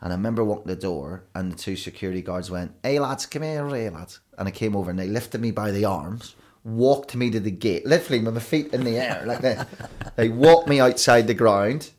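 A Northern Irish man, a broadcaster guest, telling anecdotes in a lively podcast conversation with quick asides. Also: on the low side. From Northern Ireland.

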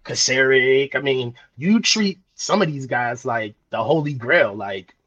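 A man's voice: mid-range voice, a little slow, fairly bright tone. A man co-hosting a sports podcast, insistent and interrupting, repeating himself in a heated casual debate. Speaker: podcast co-host. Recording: dull lo-fi mic.

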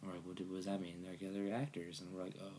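Man, casual storyteller, animated, swears freely, does quick high-pitched impressions of others. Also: background noise. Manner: animated, swearing, acts out quotes in high voices. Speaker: storyteller recounting an escape room. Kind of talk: casual chat.

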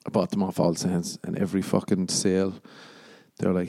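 A man's voice: deep voice, completely flat delivery, fairly quick, mellow. A young Irish man hosting a solo podcast, rambling crudely and sarcastically and slipping into mock voices. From Ireland. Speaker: podcast host.

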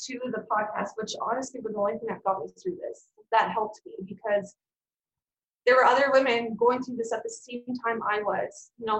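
A woman, guesting on a podcast and telling a personal story in a frank, blunt, animated way, swearing freely. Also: fairly high pitch, echoey room, poor audio. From Canada. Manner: animated, acts out quoted people. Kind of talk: casual storytelling.

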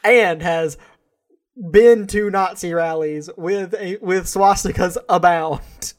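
A man with a somewhat high voice co-hosts a casual, jokey podcast chat. He laughs often and lets sentences trail off into mumbles. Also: takes it slowly. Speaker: podcast co-host. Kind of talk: casual comedic political chat.

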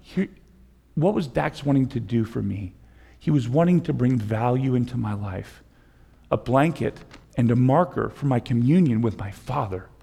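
A man's voice: medium pitch, lively intonation, moderate pace, gravelly, dark tone, husky. A middle-aged man preaching a sermon as pastor, conversational and repetitive, building to impassioned pleas. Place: church sanctuary. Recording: long hall reverb.

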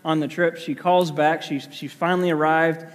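Slightly high-voiced pastor in an echoing hall. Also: male voice, steady tone, moderate pace. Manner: conversational, with many fillers; hushed when praying. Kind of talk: sermon. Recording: long hall reverb.

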